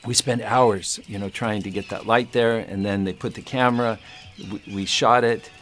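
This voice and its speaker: Low-voiced man in his sixties, halting. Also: fairly even intonation, a bit bright, a little hiss or hum. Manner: halting and thoughtful, frequent restarts and fillers. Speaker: actor recalling a film. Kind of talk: reflective interview recollection.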